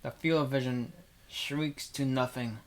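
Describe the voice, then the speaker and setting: A man's voice: mid-range voice, steady tone, measured pace. A young man reading a visual novel aloud into a desk microphone, breaking off for rambling casual asides.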